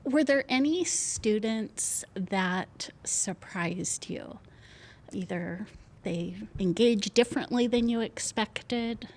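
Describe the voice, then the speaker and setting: A woman hosts a podcast and asks her guests short, prompting questions. Her pitch sits in the middle range. A faint rumble can be heard behind her voice. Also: slow pace. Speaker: podcast host. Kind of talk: interviewing.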